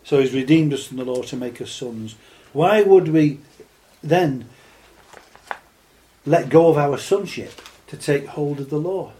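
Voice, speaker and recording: A man preaching a sermon, reading scripture slowly and then building into impassioned, rising exhortation. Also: on the high side, warm tone. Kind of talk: sermon, Bible teaching.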